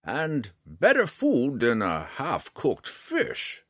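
A man voicing a wry, charming old male forest ranger in an audiobook, speaking slowly and theatrically. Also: wildly swooping pitch, a bit bright, no room sound, studio quality, heavily acted. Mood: coaxing. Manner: slow, booming, theatrical delivery.

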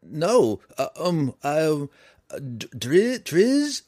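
Male narrator voicing a quavering, portly tavern storyteller, raised pitch, husky, dry audiobook recording. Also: huge pitch swings, measured pace, no echo, full character voice. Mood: nervous, stammering. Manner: shaky, quivering, higher-pitched voice. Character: fat-bellied tavern storyteller, boastful then nervous.

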